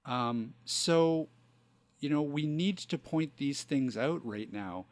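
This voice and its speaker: A man's voice: a little high, animated, slow pace, no room sound. A man hosting a podcast, chatting casually with many "you know" fillers. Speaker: podcast host. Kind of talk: casual chat.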